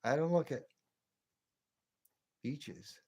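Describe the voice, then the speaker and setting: A man's voice: fairly high pitch, expressive, drawn-out words, a little mellow, breathy edge. A man in his late fifties from the northern US near the Canadian border, chatting casually and rambling on a late-night livestream. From northern United States near the Canadian border. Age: 50s. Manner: rambling, chatty, chuckles to himself. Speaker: livestream host.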